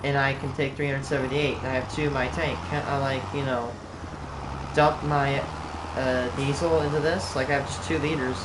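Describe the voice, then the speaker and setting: A streamer talks through a farming game live in a loose, chatty way, thinking out loud and leaning on "like" as a filler. The voice bounces around a hard, echoey room. A steady air-conditioner hum sits underneath. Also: medium pitch, normal speed. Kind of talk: casual live gameplay commentary.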